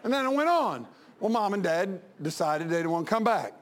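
A male pastor, preaching in a folksy style with anecdotes, swinging between loud outbursts and quiet asides. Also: high voice, very animated, brisk, some chatter behind.

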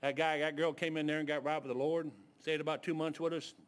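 A man's voice: on the high side, little pitch movement, quick pace, clean tone. A man preaching a storytelling sermon. He talks in a folksy way, restarts his sentences often and acts out the voices of the people in his stories. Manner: folksy, with restarts and filler words.

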